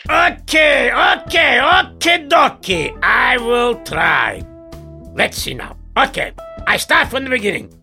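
A man voicing a frantic middle-aged jewelry store owner who stammers and rushes his words in a comedy sketch. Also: very high-pitched, sing-song, gravelly, pushed and bright, soft background music, full character voice. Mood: strained calm.

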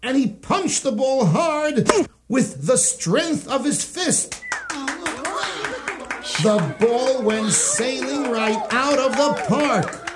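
A man narrating a rhyming children's story in a sing-song, expressive way. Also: very high voice, drawn-out words, very noisy. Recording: music playing behind.

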